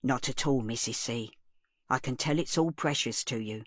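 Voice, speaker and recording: A woman's voice: a bass voice, moderate pace, no echo, clean studio sound, voice pushed down. A woman voicing an earnest, ashamed young man who speaks hesitantly. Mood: polite.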